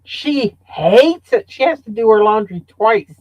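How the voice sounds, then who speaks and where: A woman's voice: on the high side, animated, a little slow, dry recording, highs cut off. A woman guest in a casual chat who rambles and hunts for her words.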